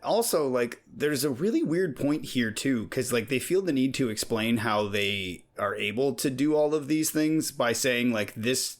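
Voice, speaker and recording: A man co-hosting a movie podcast, incredulous and animated as he mocks plot holes. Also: medium pitch, a little slow, few pauses. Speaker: podcast co-host. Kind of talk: casual film-critique chat.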